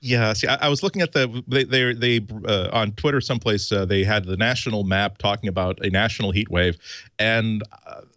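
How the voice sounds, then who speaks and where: A man's voice: lowish voice, steady tone, brisk, a bit bright, no room sound, clean studio sound. A man guest-hosting a tech talk show, chatty and self-deprecating, often restarting his sentences. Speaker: guest host. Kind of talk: casual podcast chat.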